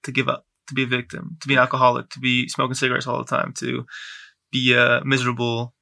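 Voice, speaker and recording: Gravelly, flat-voiced male host. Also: mid-range voice, fast talker. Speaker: podcast host. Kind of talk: interview wrap-up.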